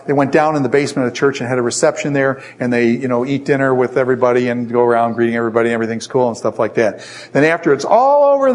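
A male preacher giving an animated, conversational sermon, asking the audience questions and joking about himself. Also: medium pitch. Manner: self-deprecating humor.

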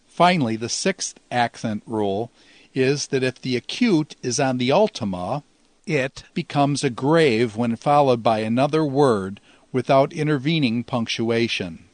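A man teaching a Greek grammar lesson in a measured, explanatory way, slowing down to pronounce each Greek word. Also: mid-range voice, expressive, no echo.

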